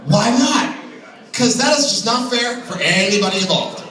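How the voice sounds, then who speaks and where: A man with a high, bright voice working through self-deprecating stories at an open mic. The sound is very echoey and caught from far back in a small room. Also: expressive, normal speed. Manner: self-deprecating, chatty storytelling with asides. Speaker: stand-up comedian. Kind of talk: open mic stand-up comedy. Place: small comedy venue with audience.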